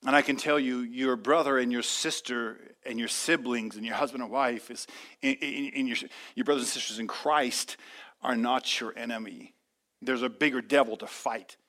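A man preaching a sermon in a church, energetic and emphatic, calling out to his congregation. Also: medium pitch, moderate pace. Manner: energetic, emphatic, call-and-response. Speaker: pastor.

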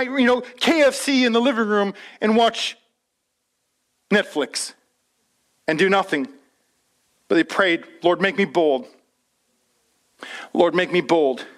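High-voiced pastor preaching a lively sermon. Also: male voice. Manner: animated preaching, acts out quoted voices, slows for emphasis.

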